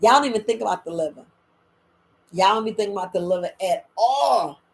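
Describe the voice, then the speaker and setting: An older woman hosting a casual wellness chat, animated and dramatic, laughing often, with loose speech. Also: mid-range voice, a little fast, vocal fry. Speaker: wellness podcast host.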